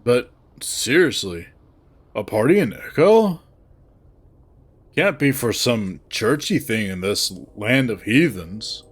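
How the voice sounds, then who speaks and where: A man's voice: medium pitch, sing-song, takes it slowly, husky, heavily acted. A man voicing a young male furry slacker in a visual novel, talking in a sarcastic, drawling, exasperated way. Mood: wry.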